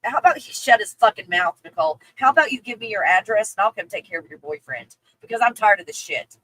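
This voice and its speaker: A woman's voice: medium pitch, animated, fast, fairly bright tone, rough recording. A woman hosting a casual livestream, reading viewer comments and ranting with lots of swearing and laughter. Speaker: livestream host.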